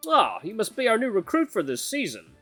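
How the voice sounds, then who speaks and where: A man's voice: high voice, huge pitch swings, a little fast, fairly bright tone, faint music behind, pitched above the performer's own voice, full character voice. A man putting on a hearty Russian-accented guildmaster. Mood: genial. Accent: put-on Russian. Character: broad genial male guildmaster, formal and hearty.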